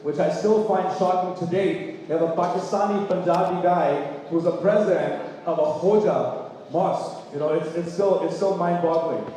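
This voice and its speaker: Chatty gala emcee guy, higher voice, far from the mic, room really echoey. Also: moderate pace, mellow. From Canada. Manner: chatty, self-deprecating, frequent "you know". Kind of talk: event hosting with personal anecdotes. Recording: echoey banquet hall, distant mic.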